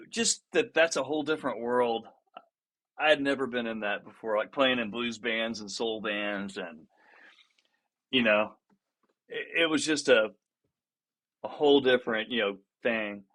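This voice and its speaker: A man's voice: mid-range voice, a little slow. A man, a guest musician on a podcast, telling stories in casual talk, laughing often and restarting his sentences. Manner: lively storyteller who acts out what others said. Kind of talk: casual storytelling in a podcast interview.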